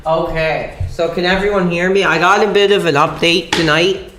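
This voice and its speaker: A man's voice: high voice, fairly even intonation, moderate pace, music in the background. A young man live-streaming from home, rambling casually and agitatedly, with frequent "dude" and minced swears. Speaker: livestreamer. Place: at home, upstairs room.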